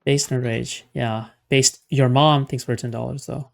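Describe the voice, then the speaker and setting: A man's voice: mid-range voice, fairly even intonation, a little slow, vocal fry. A man streaming a game live, ranting sarcastically and swearing as he plays. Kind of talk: live gameplay commentary.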